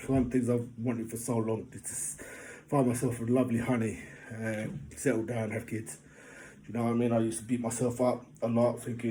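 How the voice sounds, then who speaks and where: A man giving a casual motivational talk, rambling and often asking if the listener knows what he means, getting animated in funny stories. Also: mid-range voice, brisk, slight background noise. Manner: rambling, keeps asking "do you know what I mean". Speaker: motivational vlogger.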